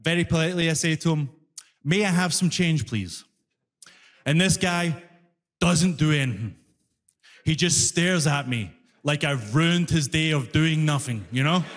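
A man's voice: fairly high pitch, normal speed, big-room sound. A man performing stand-up, telling stories and acting out the people in them. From immigrant to Canada. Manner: animated storytelling, acts out voices. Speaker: stand-up comedian. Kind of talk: stand-up routine.

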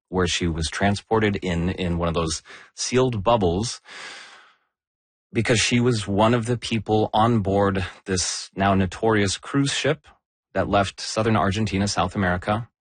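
A man with a low, slightly husky voice hosts a science podcast and explains the news in a measured, conversational way. He stresses key words as he goes. The sound is close and dry. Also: dry recording. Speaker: podcast host.

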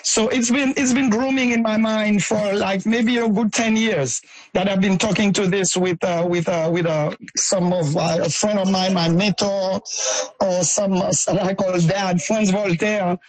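A woman's voice: mid-range voice, fairly even intonation, a little slow, crowd noise, poor audio. A woman from Haiti, an event organizer, speaking effusively as a tired radio interview guest and often reaching for words. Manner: effusive, searching for words with many fillers.

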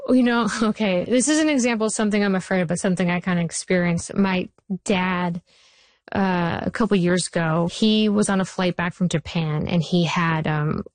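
A woman in her forties, a TV writer, telling animated stories as an interview guest. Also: lowish voice, dry recording. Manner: animated storyteller, rushes through anecdotes. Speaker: TV writer and showrunner.

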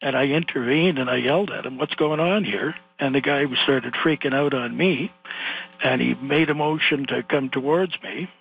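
An older Canadian man phones in to a radio show, spinning a long rambling story with animated bursts. His voice is husky. It comes through a muffled phone line. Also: medium pitch, normal speed, faint music behind. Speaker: caller.

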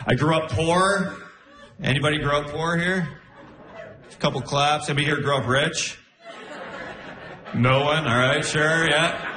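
A man doing a stand-up comedy set, telling stories with animated, incredulous outbursts. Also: unhurried, pauses often. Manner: animated storytelling, jumping into high-pitched incredulous outbursts. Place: comedy club stage. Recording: roomy live venue sound. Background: audience laughter.

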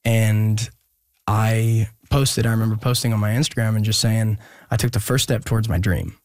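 As an interview guest, a young man from Oregon recounts something personal with earnest hesitation, full of pauses and restarts. Clean studio sound with no room ambience carries his low, steady, darkish voice.

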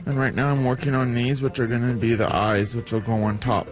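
Man, mid pitch, shy and halting, faint music under. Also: level tone. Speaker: community center participant. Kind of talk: casual interview.

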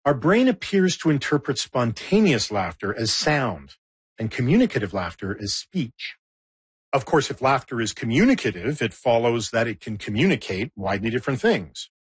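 A man's voice: mid-range voice, sing-song, normal speed, slightly rough, no room sound. A man hosting and narrating a documentary with playful, wry asides. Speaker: host and narrator.

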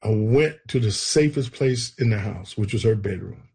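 A man with a husky voice telling an emotional, earnest personal testimony. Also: lowish voice, normal speed, darkish tone. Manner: emotional, earnest storytelling with quoted prayers. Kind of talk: personal storytelling.

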